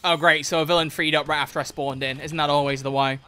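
A young man streaming a video game live, excitable and swearing a lot as he comments. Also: on the high side, quick pace, clean tone. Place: home gaming setup at a desk.

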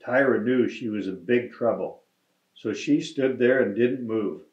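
A man reading a children's picture book aloud to students in a deliberate storytelling manner. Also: mid-range voice, darkish tone. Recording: roomy, slightly dull recording.

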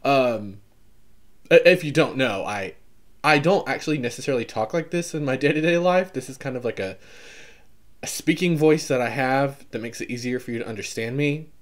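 A man's voice: mid-range voice, moderate pace. A man with a mild Southern accent, chatting casually on his vlog as he reads book blurbs aloud, exclaiming and coughing now and then from allergies. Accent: Southern US, toned down. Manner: animated, exclaims, skims text with filler. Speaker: vlogger browsing a book catalog.

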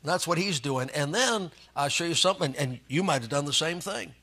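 A man's voice: fairly high pitch, animated, moderate pace, pushed and bright. A man preaching a sermon as pastor, reading scripture and joking in a folksy way.

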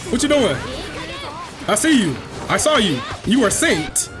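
A man's voice: sits high, very animated, a little slow, over music, a crowd in the background. A man hosting his gaming channel, giving playful, slangy trash-talk commentary while he plays and joking with his viewers. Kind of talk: live gameplay commentary.

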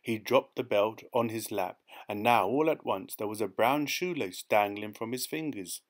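A man reading a short story aloud as an audiobook narrator, in a measured, even manner. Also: lowish voice. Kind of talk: scripted narration.

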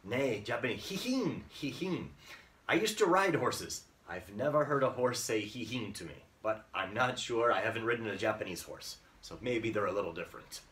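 A man's voice: on the low side, expressive, fairly quick, few pauses, a bit bright, far from the mic, a little hiss or hum. A man teaching English to Japanese learners in an online lesson, acting out sounds playfully and mixing in Japanese words.

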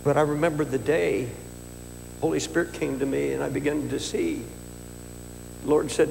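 An older male pastor preaching with earnest, personal storytelling, often stumbling over his words. His voice sits high and has a gravelly edge. It is recorded in a large hall with long reverb and a faint hum underneath. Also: steady tone, moderate pace, pauses often. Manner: earnest, personal storytelling with repetitions and stammered restarts. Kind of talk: sermon.

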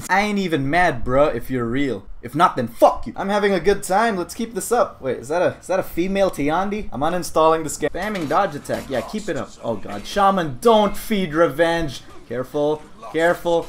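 Excitable swearing man commentating gameplay. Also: fairly high pitch, brisk, few pauses, slight background noise. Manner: excitable, swearing, mock-heroic banter. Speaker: gaming commentator.

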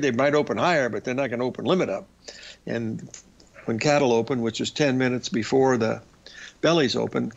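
A man's voice: mid-range voice, gravelly, lo-fi sound. An older man hosting a radio show, telling long rambling stories about his past with lots of fillers. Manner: rambling anecdotal storytelling with fillers.

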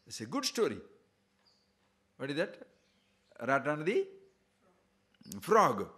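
A man giving a spiritual discourse, telling a fable in an animated way and checking in with his listeners as he goes. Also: on the high side, slow pace. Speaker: spiritual teacher.

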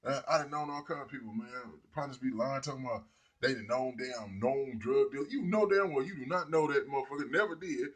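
A man's voice: medium pitch, animated, fairly quick, breathy edge. A man delivering a rambling, profane comedic rant to his viewers. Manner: profane, rambling, laughs at people. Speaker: vlogger.

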